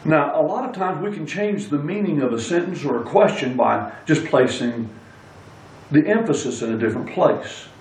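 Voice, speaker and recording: A man's voice: fairly high pitch, expressive, normal speed, darkish tone. A man preaching a sermon, reading scripture aloud and stressing single words. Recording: echoey room, speaker far from mic.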